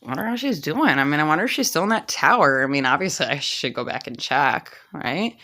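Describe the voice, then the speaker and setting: A woman's voice: low voice, animated, fairly quick, bright, forceful tone, voice pushed down. A woman voicing a careless, philandering fairy-tale king who talks in a casual, slangy way. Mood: musing.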